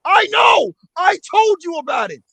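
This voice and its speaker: A man's voice: extremely high pitch, expressive, unhurried, gravelly, bright, forceful tone, no room sound, low-quality recording. A man ranting animatedly on a casual wrestling podcast, swearing and mocking the people who doubted him. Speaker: podcast co-host.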